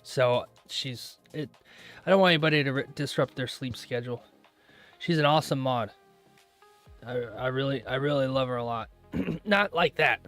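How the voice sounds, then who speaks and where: A young man chatting casually with his viewers while live streaming trades, rambling, laughing often and clearing his throat. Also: mid-range voice, moderate pace, fairly bright tone, soft background music. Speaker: livestreaming futures trader.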